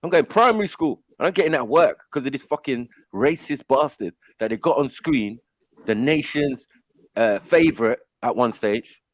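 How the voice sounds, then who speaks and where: Brief: middle-aged man, panel host, lively storyteller, mid-pitched voice, dry close sound. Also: normal speed, no room sound. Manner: animated storytelling, acts out voices in quotes. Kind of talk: casual chat.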